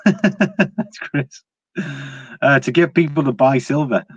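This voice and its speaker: A man's voice: on the high side, slow, long pauses, breathy edge, no echo. A British man hosting a casual live stream, reading out viewer comments and rambling through his views with lots of "uh" and restarts. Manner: rambling, with frequent fillers and restarts. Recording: dry, slightly dull lo-fi sound.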